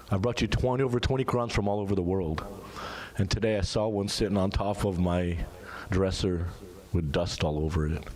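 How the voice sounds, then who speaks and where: A man in his thirties giving an emotional religious sermon, moving from casual asides to the audience into high, pleading retold prayers. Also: darkish tone. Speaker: majlis speaker.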